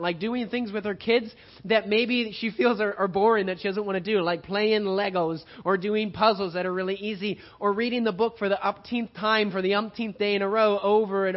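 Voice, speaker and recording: A male pastor preaching a sermon, moving between loud emphatic passages and quiet, hushed ones. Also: high voice, highs cut off.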